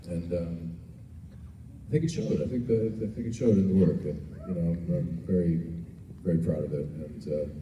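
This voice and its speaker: A man, an actor, answering fans at a convention panel in a relaxed, joking, self-deprecating way. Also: deep voice. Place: large convention hall. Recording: echoey hall, distant mic, noisy crowd.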